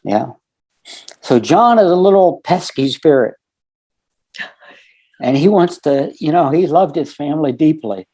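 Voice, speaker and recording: A man's voice: on the high side, expressive, measured pace, long pauses, mellow, slightly rough. A man in his sixties from the United States, a podcast guest telling a long story full of quoted conversations. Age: 60s. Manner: retells conversations with many quoted lines. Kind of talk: storytelling interview.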